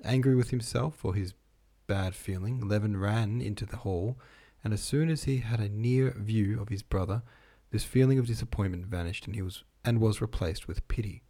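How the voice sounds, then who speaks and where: A man giving a relaxed, informal reading of a classic novel, stumbling on long words and rereading them. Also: lowish voice, moderate pace, hardly any pauses. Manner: chatty asides between passages. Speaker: reader.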